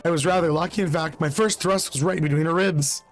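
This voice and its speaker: A slightly hoarse man voicing a cold, polite, murderous older male villain in a calm, measured way. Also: fairly high pitch, soft background music, lightly acted. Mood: savoring.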